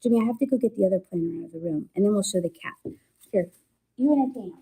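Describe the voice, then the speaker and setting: A woman hosting a casual live-stream sale, chatting excitedly about her finds and laughing often. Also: medium pitch, racing, husky. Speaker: live online seller showing thrift finds.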